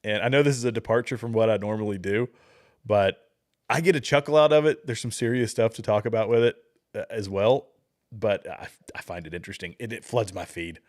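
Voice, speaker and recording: A man's voice: lowish voice, fairly quick. A middle-aged man hosting a livestream, chatting casually with viewers, rambling and chuckling at clips. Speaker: livestream host.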